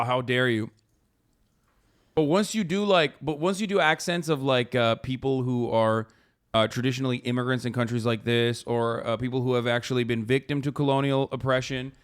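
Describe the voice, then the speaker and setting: A man hosting a casual live stream, reacting to posts with animated, profane commentary. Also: mid-range voice. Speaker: streamer host.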